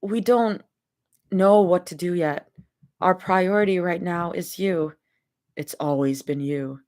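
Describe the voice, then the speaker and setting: A woman voicing a calm, protective young partner in a fanfic read-aloud, speaking low, gentle and soothing. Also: slow.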